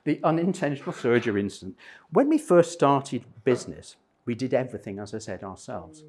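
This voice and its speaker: A man's voice: medium pitch, sing-song, fairly quick, darkish tone. A retired man in his sixties telling humorous, self-deprecating stories about his life to a church group. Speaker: speaker at a men's breakfast.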